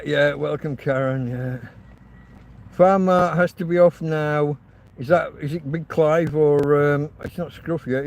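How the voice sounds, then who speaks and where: A man's voice: a little high, darkish tone. A man hosting a rambling livestream chat, ranting and swearing freely. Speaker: livestream host.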